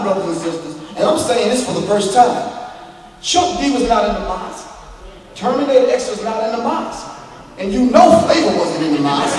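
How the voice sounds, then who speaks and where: A man's voice: high voice, a little mellow. A man from Long Island, New York, giving a public lecture in a preacherly way that builds to emphatic, rising delivery. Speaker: speaker at an event. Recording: echoey hall, distant mic, faint noise.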